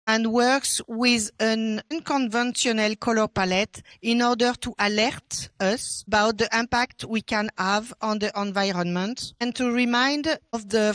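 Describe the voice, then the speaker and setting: A woman's voice: mid-range voice, a bit bright, no echo. A woman with a French accent presenting a photo exhibition, hesitant and full of restarts. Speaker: exhibition curator. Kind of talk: exhibition guide talk.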